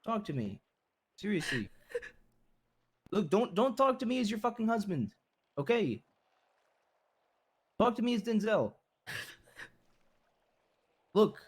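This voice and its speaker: A man's voice: high-pitched, very animated, slow pace, long pauses, husky, full character voice. A man playing a blunt, devoted husband who pleads earnestly and repeats himself as he comforts his wife in a game role-play. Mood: soothing.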